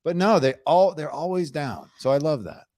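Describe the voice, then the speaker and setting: A man's voice: fairly high pitch, expressive, normal speed, darkish tone, no echo, clean studio sound. A man hosting a podcast, giving a sarcastic, wisecracking chat about the news. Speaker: podcast host.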